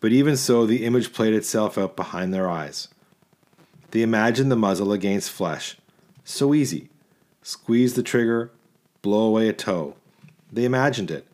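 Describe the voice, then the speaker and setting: A man narrating a literary short story in a measured, rhythmic reading. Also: fairly low pitch, animated, darkish tone. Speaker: audiobook narrator.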